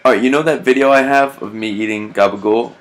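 A man's voice: mid-range voice, quick pace. A man chatting casually with his roommate, amused and laughing often as he reads comments aloud. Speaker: video creator reading comments. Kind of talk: casual chat.

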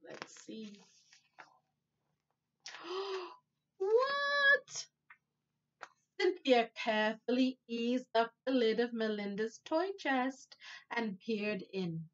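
A woman teacher reads a children's storybook aloud at an unhurried pace. Her voice is high and very lively, rising and falling expressively. The recording sounds dull and lo-fi. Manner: animated and expressive, with asides.

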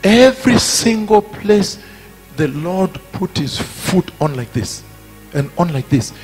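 A man preaching a sermon at a conference, repeating his phrases emphatically and building to shouted peaks. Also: fairly high pitch, measured pace. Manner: emphatic and repetitive, rising to shouted climaxes. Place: large conference hall. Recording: reverberant hall with faint music.

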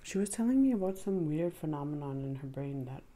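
This middle-aged mukbang vlogger talks a little fast, her low-pitched voice warm with lively intonation. Chatting casually to the camera as she eats, she hums between bites, eats between words, and keeps saying mm-hmm.

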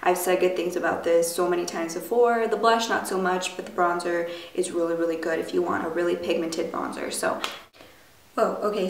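A young woman reviews beauty products in a loose, rambling way, with lots of fillers. Her voice sits a little low and sounds raspy, as if she has just woken up. She is recorded from a distance in an echoey room with faint background noise. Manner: chatty, filler-heavy, rambling. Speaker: beauty vlogger.

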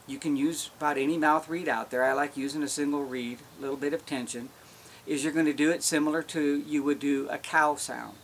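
A man's voice: fairly high pitch, steady tone, brisk, a little hiss or hum. A man teaching how to make elk calls, explaining in a folksy, step-by-step way. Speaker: elk calling instructor. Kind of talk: instructional demonstration.

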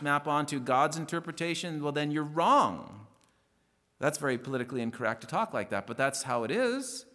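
A male pastor delivering a sermon in an earnest, emphatic way, slowing down to read scripture verses. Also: on the high side, fairly bright tone, in a large hall. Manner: earnest preaching, rising emphatic stresses, slows to read verses. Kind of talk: radio sermon.

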